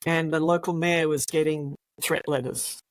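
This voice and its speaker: A woman's voice: sits low, fairly even intonation, moderate pace, dry recording, rough recording. An older woman with an Australian accent, a retired police officer telling anecdotes as a guest, chatty and laughing often.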